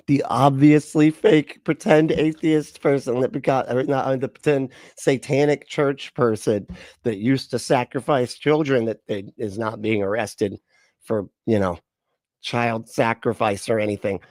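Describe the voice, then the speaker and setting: A man's voice: mid-range voice, steady tone, measured pace, a little mellow, dry recording, clean studio sound. A man hosting a livestream, giving sarcastic, rambling reaction commentary and chatting with his viewers. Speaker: livestream host.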